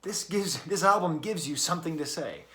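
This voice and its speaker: A man's voice: fairly high pitch, lively intonation, moderate pace, bright, forceful tone. A man reviewing an album in a casual, rambling way, with many fillers and restarts. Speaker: music reviewer.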